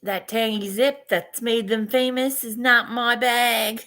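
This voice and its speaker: A woman's voice: on the high side, fairly even intonation, takes it slowly, a bit bright. A woman chatting casually to her viewers in a morning vlog, swearing and laughing often as she talks. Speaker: vlogger.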